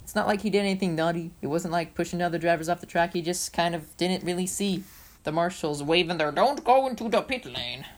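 A young woman co-hosts a casual motor racing podcast, recapping a race in a chatty, playful way and joking often. Her voice is fairly low in pitch and steady in tone, and she talks fast.

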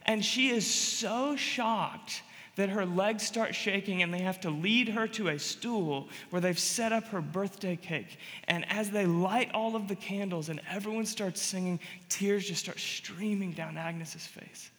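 A man preaching with a fairly high voice that carries into a long, ringing hall reverb. He tells a story as a pastor, rising to loud emphatic lines and sinking to quiet, hushed ones. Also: unhurried, hardly any pauses. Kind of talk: sermon.

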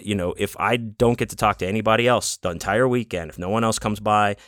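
A man's voice: fairly low pitch, quick pace, fairly bright tone, no room sound, clean studio sound. A man hosting his own podcast, telling a loose, rambling story in casual chat with plenty of swearing. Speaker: podcast host. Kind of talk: casual solo podcast recap.

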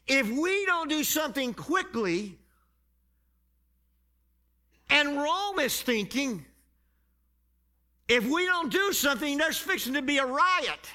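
A man preaching a sermon, stretching key phrases and building up to shouted passages. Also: very high-pitched. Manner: drawn-out emphatic phrasing.

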